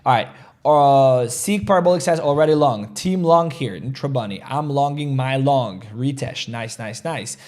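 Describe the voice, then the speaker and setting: A man's voice: medium pitch, moderate pace, darkish tone. A man hosting a casual crypto trading livestream, talking energetically and reading out chat comments. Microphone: desk mic, studio chair creaking.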